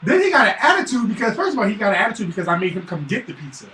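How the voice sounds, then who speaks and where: High-voiced man telling family stories. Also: very fast. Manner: animated, profane, acts out his son's voice. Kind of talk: casual chat, storytelling. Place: room at a live stream. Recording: roomy, distant mic, faint hiss.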